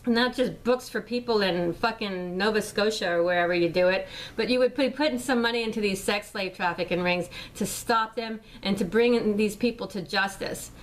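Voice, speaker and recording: A woman's voice: mid-range voice, normal speed, hardly any pauses, rough recording. A middle-aged woman in a rambling, heated, profane rant for a vlog, swearing constantly. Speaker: vlogger. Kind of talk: angry profane rant to camera.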